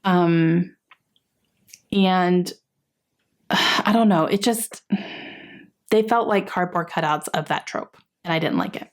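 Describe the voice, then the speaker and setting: A woman's voice: lowish voice, slow pace, long pauses. Young female book vlogger, casual and chatty, prone to exasperated sighs. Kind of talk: casual book review chat.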